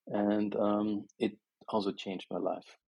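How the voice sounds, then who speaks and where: A man's voice: lowish voice, flat delivery, slow pace, gravelly, dark tone, slightly rough, no room sound, muffled recording. A middle-aged man with an Austrian German accent, telling stories as a composer guest in an interview, with many restarts and fillers. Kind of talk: conversational interview.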